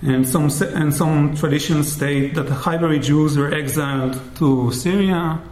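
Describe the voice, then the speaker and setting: A man giving an academic lecture in a measured way, often checking in with "right?". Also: a little high, steady tone, darkish tone. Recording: roomy echo.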